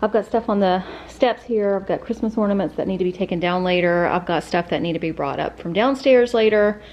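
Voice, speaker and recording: Woman vlogger, mid-pitch, rambling casual house-tour narration, slightly winded. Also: fairly quick, darkish tone, dull audio. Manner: chatty, rambling, many fillers and restarts. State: out of breath. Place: indoors, a house.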